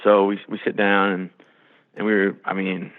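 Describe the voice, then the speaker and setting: Gravelly low guy telling stories on a podcast, sounds like a phone call. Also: moderate pace. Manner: animated storyteller, acts out quotes. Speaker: sports executive guest. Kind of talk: storytelling in a podcast interview. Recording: phone-line quality.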